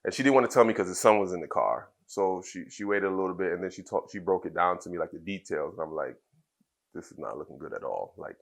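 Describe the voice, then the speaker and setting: Guy from trinidad, 30s, lowish voice, talks softly with lots of ums and restarts. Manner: soft-spoken, halting, with many fillers and restarts. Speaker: wrestler guest. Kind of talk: shoot interview storytelling.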